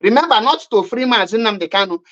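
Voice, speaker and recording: A woman's voice: medium pitch, lively intonation, fast, a bit bright. Woman, Nigerian accent, mocking commentary, scornful, repeats herself, slightly muffled lo-fi sound. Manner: scornful, repetitive, laughing at her opponents.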